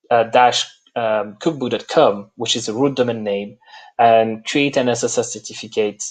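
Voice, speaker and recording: A man with a French accent, a native French speaker, walking through a live software demo and pausing often on "uh". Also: medium pitch. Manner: halting, many "uh" fillers. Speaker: presenter.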